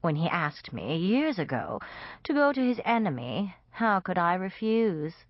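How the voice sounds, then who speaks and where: Quiet, earnest male vampire read by a woman narrator, slow and low, dull dry sound. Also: sing-song, dry recording. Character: calm male vampire traitor, apologetic and earnest. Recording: dull, dry audiobook recording.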